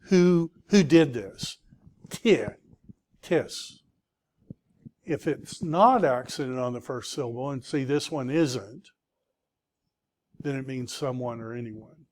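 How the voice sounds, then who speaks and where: A middle-aged man lectures on Greek vocabulary at an unhurried, deliberate pace. His voice sits at an ordinary middle pitch. He explains patiently and keeps checking that his students are following. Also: a little mellow. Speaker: Greek teacher. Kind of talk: classroom lecture.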